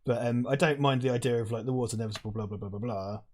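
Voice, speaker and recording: A man's voice: mid-range voice, racing, a little mellow. Sweary, rambling man. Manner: rambling, sweary, laughs often. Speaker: film commentary host. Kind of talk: casual watch-along chat. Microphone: lavalier.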